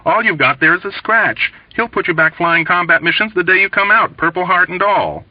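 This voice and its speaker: A man reading aloud, voicing an overwrought, pugnacious young male airman with a rough, quavering voice who can't keep his voice down. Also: high-pitched, expressive, brisk, dry recording, pitched above the performer's own voice. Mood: pleading. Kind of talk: audiobook reading. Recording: dull lo-fi recording.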